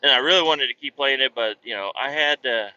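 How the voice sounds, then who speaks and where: A man in his thirties casually telling stories about his kids and his work, animated and swearing freely. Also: medium pitch, brisk. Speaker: vlogger, truck driver. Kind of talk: casual storytelling vlog. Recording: dull lo-fi sound.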